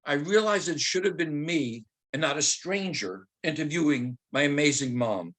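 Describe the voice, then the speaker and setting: Higher-voiced older man telling stories. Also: expressive, a bit bright. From Germany. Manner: humorous, anecdotal, slows to dramatic recitation. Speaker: speaker, retired teacher. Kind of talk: personal storytelling talk with dramatic readings.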